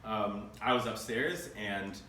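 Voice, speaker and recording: A man's voice: on the low side, takes it slowly, sharp tone. An American man in his thirties giving a humorous live keynote talk, telling stories with jokes and playful asides. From United States. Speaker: keynote speaker. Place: conference room. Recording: roomy and distant with faint noise.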